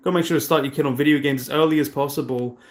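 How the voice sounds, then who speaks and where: A man's voice: a little high, steady tone, rapid-fire. A British man of thirty-one chatting casually on a livestream, rambling and self-deprecating, with many fillers and restarts. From Britain. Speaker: streamer.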